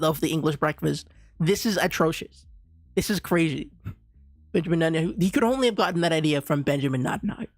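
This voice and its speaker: Playing a live game, the streamer chats and rants casually, restarting often and using plenty of slang. The mid-range voice has no room sound, caught on a dry close mic with game music faintly underneath.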